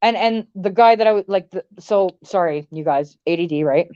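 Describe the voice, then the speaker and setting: Woman streamer, lower voice, blunt and swearing, rambling rant to chat; dry, slightly dull mic. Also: normal speed, dark tone, no room sound. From Canada. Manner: blunt, profane, rambling with many "like"s. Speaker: livestream host. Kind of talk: casual livestream rant to chat.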